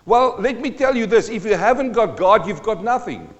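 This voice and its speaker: Pastor guy preaching, kinda high voice, goes quiet then loud, big echoey church hall. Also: expressive, normal speed, dull audio. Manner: preachy, swings from hushed to loud emphasis. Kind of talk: sermon.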